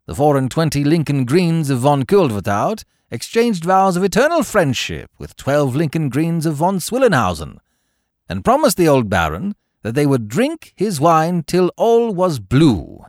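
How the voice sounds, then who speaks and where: A man narrates a classic tale in a theatrical storytelling manner. His pitch rises and falls dramatically from phrase to phrase. The recording is close and dry. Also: measured pace, no room sound. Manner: theatrical, highly animated storytelling. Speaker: podcast host and reader.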